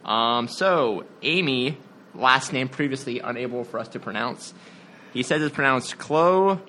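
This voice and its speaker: A man's voice: mid-range voice, measured pace, sharp tone, slight background noise. A man co-hosting a casual podcast, reading listener updates with dry humor. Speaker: podcast co-host.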